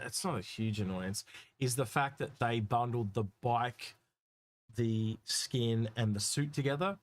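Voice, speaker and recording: Male co-host, casual chat, stop-start delivery with plenty of fillers. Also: mid-range voice. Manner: halting, many restarts and fillers. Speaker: co-host reading chat questions.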